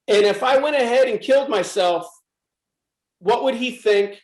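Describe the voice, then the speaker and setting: A middle-aged man from the USA gives a frank, emphatic personal testimony. His voice sits high for a man. The recording carries a noticeable room echo. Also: normal speed. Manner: intense, emphatic storytelling. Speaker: speaker at a club presentation.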